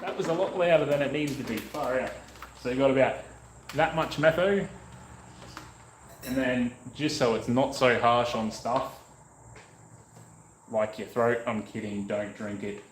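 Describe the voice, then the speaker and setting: The motorcycle restoration vlogger, an Australian from North Queensland, speaks at a measured pace in a mid-range voice, pausing often. He chats casually in his workshop, joking and drifting into rambling asides. The sound is echoey with faint noise behind it.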